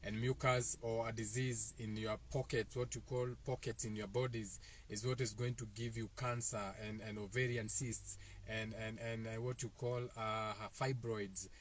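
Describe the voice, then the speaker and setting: A man's voice: on the low side, little pitch movement, moderate pace, hardly any pauses, slight background noise. A man with a Kenyan accent hosting a casual spiritual self-help talk for viewers, speaking in a loose, repetitive way with many fillers. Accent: Kenyan, Kikuyu-speaking.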